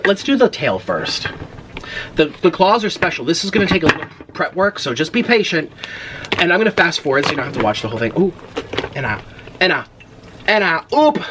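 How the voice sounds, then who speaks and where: A young woman hosting a casual eating-show vlog, gasping and exclaiming as she talks. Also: low voice. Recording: noisy home recording.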